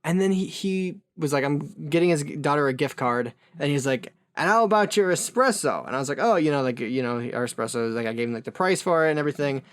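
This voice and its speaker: A man's voice: a little high, fast, few pauses, clear, resonant tone, dry recording, clean studio sound. A man co-hosting a podcast, telling a rambling story in casual chat, full of asides. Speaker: podcast co-host.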